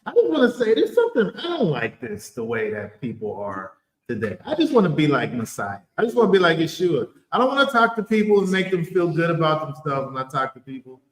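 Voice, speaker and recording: A man teaching a Bible study in an emphatic, animated way, full of rhetorical questions. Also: a little high, a little fast, echoey room, low-quality recording.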